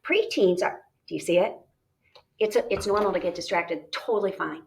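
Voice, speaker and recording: A woman teacher talking students through a reading lesson, chatty and animated, modeling her thoughts aloud. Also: lowish voice, normal speed, slight background noise. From United States.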